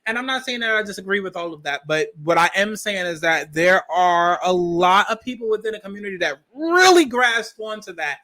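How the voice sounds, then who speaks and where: A high-pitched, bright-toned man delivers opinionated podcast commentary. He is blunt and sassy, swears freely, and stretches words out for emphasis. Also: lively intonation, fairly quick, hardly any pauses. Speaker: podcast host.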